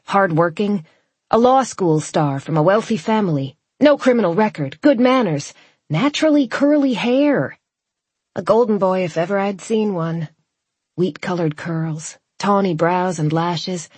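A woman narrates a novel in the first person with a wry, lively touch. Her voice is a little husky and slightly low, recorded dry and close with no room around it. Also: no echo. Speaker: audiobook narrator.

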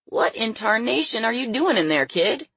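A woman voicing a gruff, folksy old man who works at a circus. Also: lowish voice, sing-song, moderate pace, no room sound, full character voice. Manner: folksy, rough. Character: gruff old male circus hand, rough-spoken.

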